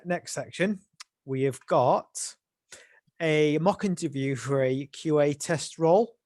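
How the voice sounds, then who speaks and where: A man's voice: on the high side, a little mellow, dry recording. Male webinar host, upbeat and informal, dry close sound. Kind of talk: hosting a webinar. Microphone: video call.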